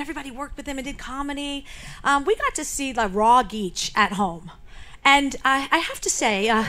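Fairly high-pitched woman speaking at a memorial show. She talks in a casual, halting way, with plenty of "um"s and restarts, as she shares stories about a friend she lived with. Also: a bit bright. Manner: halting, chatty, lots of fillers and restarts. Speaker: memorial speaker, late comedian's roommate. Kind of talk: personal tribute speech. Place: live show venue.

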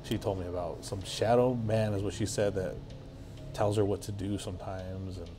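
Guy on a podcast rambling through a story, lots of "like" and swearing, lowish voice, bit of background hiss. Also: fairly even intonation, normal speed. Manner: rambling, full of "like" fillers and swearing. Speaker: podcast guest. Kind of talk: casual storytelling.

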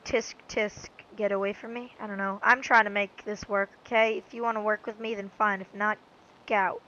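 A woman's voice: mid-range voice, level tone, moderate pace, sharp tone, muffled recording, slight background noise. A woman giving rambling, goofy, self-mocking commentary while she plays a game. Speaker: let's-play gamer. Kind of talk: casual gameplay commentary.

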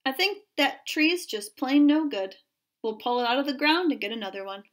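A woman voicing a calm, practical father who speaks in a matter-of-fact, gentle but firm way. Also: sits high, moderate pace.

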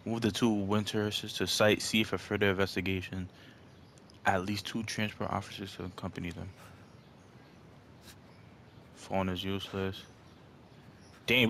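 A man's voice: lowish voice, a bit bright, a little hiss or hum. A man doing let's-play commentary, jumpy and easily scared, talking to himself as he plays. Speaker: gamer.

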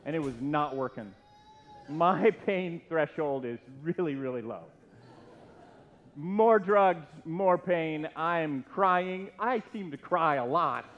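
A middle-aged man with a fairly high voice tells a tribute story slowly, mocking himself as he goes. His voice rings through a church hall. The recording is dull and lo-fi, with a faint hiss underneath. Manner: self-deprecating, animated storyteller. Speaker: former youth pastor giving a tribute. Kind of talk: humorous anecdotal tribute speech. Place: church hall at a retirement party.

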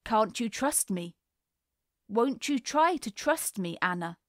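A woman reading the lines of a grave, gentle middle-aged father who speaks quietly and firmly. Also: a little high, lively intonation, slow, no echo, studio quality. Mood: pleading, firm. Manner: quiet and reassuring, firm.

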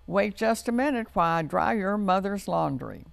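A woman's voice: mid-range voice, expressive, normal speed, creaky, dry recording. A woman doing a sing-song boastful March wind. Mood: cheerful.

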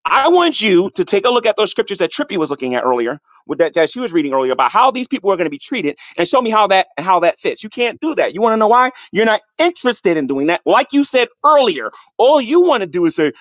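Man with a high, very animated voice, arguing in an online voice room and spelling things out slowly to his opponent. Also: no echo. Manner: condescending, repeats himself slowly for emphasis; argumentative, defends his reading of scripture. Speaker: debater in an online audio room. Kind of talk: heated debate.

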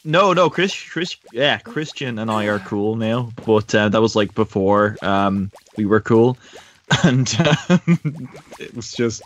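A man chatting casually as co-host on a voice call, halting and restarting his sentences. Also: fairly low pitch, animated, dull audio. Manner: halting, full of fillers and restarts. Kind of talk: casual chat.

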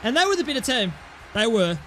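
Excitable high-voiced gaming commentator. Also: male voice, a little fast, a little hiss or hum. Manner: shouts and cheers at goals, swears at players. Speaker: gaming YouTuber.

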